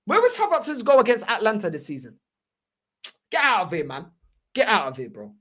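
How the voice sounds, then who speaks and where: A woman's voice: mid-range voice, huge pitch swings, a little fast, fairly bright tone. A woman hosting a fan channel, ranting heatedly in slangy, repetitive reaction commentary.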